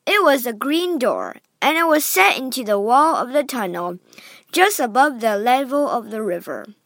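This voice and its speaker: Female storyteller, high and animated, unhurried and expressive reading, dry booth-like sound. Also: dry recording. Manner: expressive, clear and deliberate. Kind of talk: reading a children's novel aloud.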